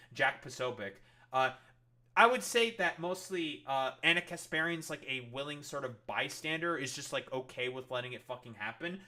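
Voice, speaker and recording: A man's voice: fairly high pitch, sharp tone. A man streamer giving angry, profanity-heavy commentary on political clips. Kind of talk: ranting commentary over clips.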